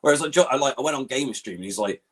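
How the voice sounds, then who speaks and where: A man in loose stream conversation, his husky voice swinging high and low as he rants. He swears freely and slips into mimicking other people mid-story. The talk stays animated throughout. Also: racing. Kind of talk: casual online stream chat.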